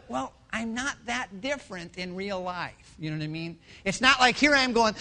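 A passionate middle-aged pastor preaching from the pulpit, his pitch leaping up and down in animated swings. His tone is bright and forceful, and he drops from near shouting to quiet, intimate lines. It is a man's voice, delivering a sermon. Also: a little fast, few pauses. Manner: passionate, swings from loud to hushed.

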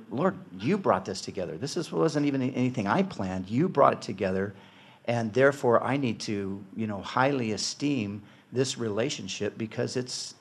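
A man of middle pitch speaks earnestly and reflectively about faith and marriage. He leans on "you know" and restarts his thoughts often. He sounds sincere and unhurried. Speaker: Christian husband sharing testimony.

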